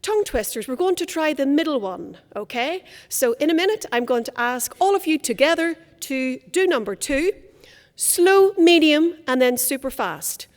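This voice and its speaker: A woman leads a speaking workshop with a fairly high voice. Her diction is crisp and precise, and her emphasis is theatrical. The sound carries the long reverb of a large conference hall. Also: animated, moderate pace, hardly any pauses. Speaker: speaking coach.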